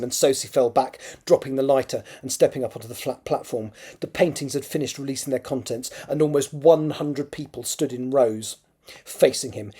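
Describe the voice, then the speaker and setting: A man with a husky, mellow voice reads his own novel draft aloud. He tells the story in a steady, even way and stops now and then to fix a misread word. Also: medium pitch. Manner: steady storytelling read with occasional self-corrections. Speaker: author.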